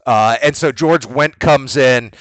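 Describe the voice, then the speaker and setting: A man's voice: medium pitch, fairly bright tone, no echo. A man co-hosting a casual podcast, rambling through a story and acting out bits of dialogue. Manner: rambling storyteller, retells scenes with quick impressions. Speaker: podcast co-host. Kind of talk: casual chat.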